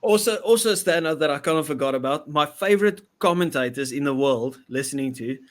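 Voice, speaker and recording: A man's voice: a little high, animated, fairly quick. A man with a South African accent hosting a casual rugby podcast, upbeat as he signs off the show. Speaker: podcast host. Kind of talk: casual chat.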